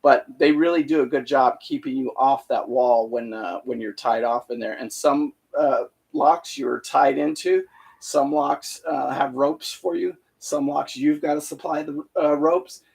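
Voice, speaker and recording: A man's voice: medium pitch, measured pace, vocal fry, a little mellow, husky. A middle-aged man casually telling a boating story on a live stream, rambling with many fillers and restarts. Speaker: boating vlogger.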